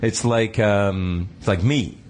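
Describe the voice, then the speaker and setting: A man's voice: on the low side, slow pace, darkish tone, slight background noise. A man with a Scottish accent hosting a radio chat, spinning rambling, playful comic riffs. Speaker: host.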